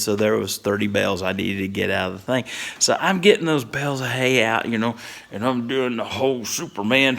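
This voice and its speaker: Gravelly middle-aged storyteller. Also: male voice, medium pitch, fairly bright tone. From Whitley County, Kentucky. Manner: chuckles often through his story. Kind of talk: casual comic storytelling.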